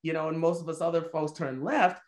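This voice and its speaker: A man casually telling a spooky story among friends, acting out the people in it with big jumps in his voice. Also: fairly quick. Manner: animated, acts out quotes with big pitch jumps. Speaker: podcast co-host.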